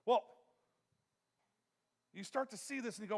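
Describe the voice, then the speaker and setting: A man's voice: high-pitched, sing-song, brisk, long pauses, slightly rough. A man preaching a sermon as pastor, earnest and emphatic, often repeating himself and restarting phrases.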